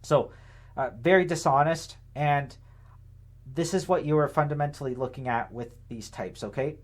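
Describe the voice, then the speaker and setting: A man's voice: on the high side, moderate pace. A young man giving a casual political commentary monologue, rambling and indignant, full of fillers and tag questions. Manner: sarcastic, indignant.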